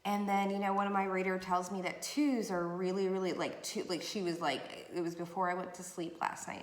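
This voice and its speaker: A woman's voice: on the low side, fairly even intonation, normal speed, hardly any pauses, roomy sound. A woman doing a late-night tarot reading, talking in a meandering, emotional way to her viewers. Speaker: tarot reader. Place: room at night.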